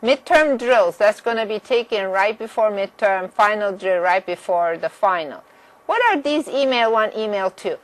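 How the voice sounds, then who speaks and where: A woman's voice: mid-range voice, lively intonation, normal speed, low-quality recording. Firm woman instructor explaining course rules. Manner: direct, firm about deadlines, clears throat at times. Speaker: math instructor. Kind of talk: course orientation lecture.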